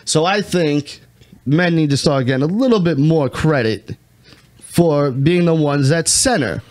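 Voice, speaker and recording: A man's voice: on the high side, measured pace, darkish tone. Chatty opinionated man from Long Island. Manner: opinionated, joking, rambling. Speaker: podcast co-host. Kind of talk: casual chat.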